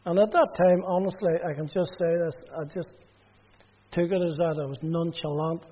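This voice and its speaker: A man with a Northern Irish accent telling his testimony in a sermon, plain storytelling that falls quiet in sad parts. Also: on the high side, fairly even intonation, fairly quick, breathy edge. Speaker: preacher giving testimony. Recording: dull muffled recording.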